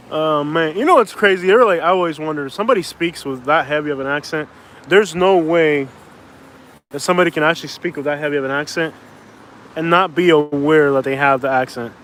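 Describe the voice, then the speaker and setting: A man's voice: a little high, brisk, a bit bright, a little hiss or hum. Rambling young man vlogging outdoors. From Florida. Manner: rambling, heavy use of "like", restarts. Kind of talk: casual walk-and-talk vlog. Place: outdoors on a street. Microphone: phone on a handheld stabilizer.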